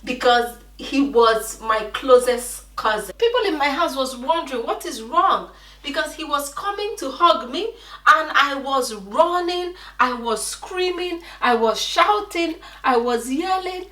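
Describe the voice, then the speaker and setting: A woman's voice: high-pitched, lively intonation, unhurried, pushed and bright. A woman from Nigeria with a Nigerian accent, chatting animatedly to viewers while cooking and telling a story. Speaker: vlogger. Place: home kitchen. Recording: echoey room, mic at a distance.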